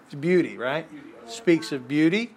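A man's voice: on the high side, lively intonation, unhurried, a little mellow. A man teaching a Bible class in a casual lecture, talking conversationally and quizzing the class with questions.

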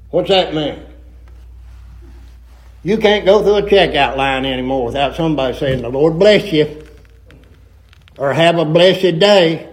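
A man's voice: high voice, poor audio. A middle-aged man preaching a sermon in a folksy, emphatic way with rustic grammar.

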